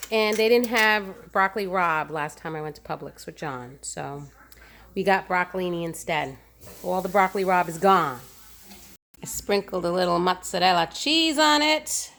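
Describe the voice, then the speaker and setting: A woman chatting casually as she shows the family dinner in her home kitchen, homey and unhurried. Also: fairly low pitch, gravelly, fairly bright tone. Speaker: vlogger cooking for her family. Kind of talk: casual kitchen vlog chat.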